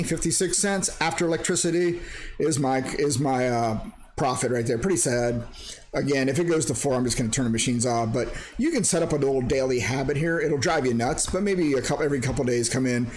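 A man's voice: mid-range voice, a little fast, a little mellow. Goofy rambling man with a faint hiss. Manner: goofy, rambling, breaks into silly sing-song bits. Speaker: crypto mining YouTuber. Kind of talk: casual rambling screen-share vlog.

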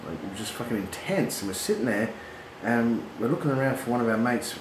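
A middle-aged Australian man spins a rowdy yarn in a casual, swear-laden voice, animated and breaking into laughs. His voice carries a roomy echo, with steady background noise clearly audible behind him. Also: medium pitch, quick pace. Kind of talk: casual storytelling.

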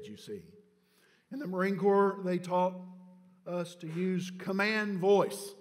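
A man pastor preaching a sermon to his congregation. He moves between hushed, quiet stretches and shouted climaxes, and often calls on the people directly for a response. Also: sits high, slow. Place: church sanctuary. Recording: church hall reverb.

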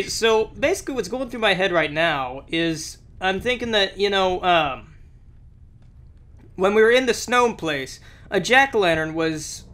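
A young man doing let's play commentary, excitable and exclamatory, a little sick with a sore throat. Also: high voice. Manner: excitable, exclamatory, talks to the game. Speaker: gameplay commentator.

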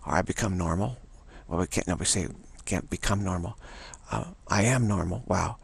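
A man giving a slow, repetitive dharma talk as a spiritual teacher, often restarting and chanting a soft "wow" refrain. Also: low voice. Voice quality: gravelly and husky.

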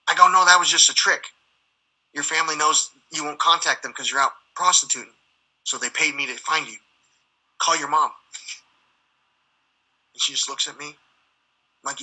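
A man with a husky voice that has a sharp, bright edge tells stories as a podcast guest. He rambles and swears, and he heats up as he acts out the voices of the people in his stories. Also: a little high, normal speed, pauses often, poor audio. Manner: profane, heated, acts out dialogue. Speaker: guest, military veteran. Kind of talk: rambling storytelling in conversation.

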